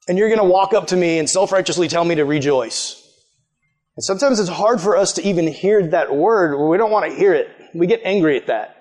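A man preaching a sermon in a casual, animated way, acting out the people he quotes. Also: high voice, fairly quick.

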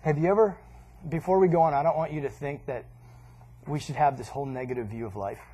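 A pastor delivers a casual, conversational sermon at a quick pace, cracking jokes and acting out what people say. His voice is fairly high, husky, and dark in tone.

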